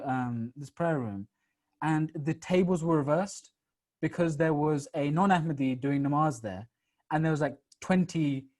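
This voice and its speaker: A young man from the UK, a missionary on a Q&A panel, telling stories in a quick, animated, casual way with repeated starts. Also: on the high side. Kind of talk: casual storytelling in a Q&A.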